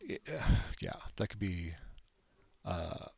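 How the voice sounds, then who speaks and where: A man hosting a casual chat show, laughing often and pausing with fillers. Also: low-pitched, animated, creaky, darkish tone, slightly rough. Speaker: talk show host. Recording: dull lo-fi sound.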